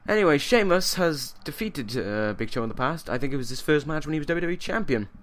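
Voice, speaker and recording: A man commentating a wrestling video game, excitable, shouting and laughing at big moments, with rambling self-correcting asides. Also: a little high, fast talker.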